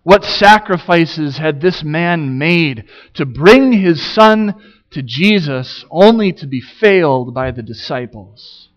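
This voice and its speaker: A man preaching a sermon, building rhetorical questions with dramatic pauses. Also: fairly high pitch, expressive, dull audio. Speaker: pastor.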